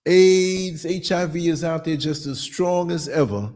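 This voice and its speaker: A podcast host in his sixties delivers a casual monologue of blunt, streetwise stories, acting out quotes along the way. His voice is fairly high-pitched with a darkish tone, at a moderate pace.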